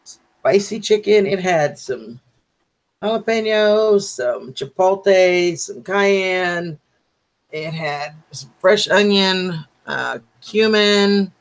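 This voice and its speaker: A man's voice: high-pitched, lively intonation, takes it slowly. Chatty man hosting a livestream. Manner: chatty, proud of his cooking. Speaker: livestream host. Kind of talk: casual livestream chat.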